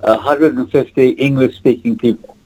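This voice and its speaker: A French-speaking Quebecer in his eighties rambles through reminiscences as an interview guest, chuckling as he tells casual stories. His mid-range voice has a darkish tone, fairly even intonation, and a moderate pace, captured in a low-quality recording.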